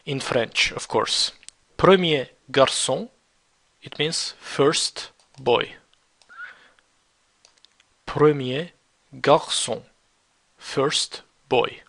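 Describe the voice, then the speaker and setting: A man teaching a beginner French lesson, repeating words slowly and spelling them out letter by letter. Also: mid-range voice, creaky, a bit bright. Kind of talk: slow beginner language lesson.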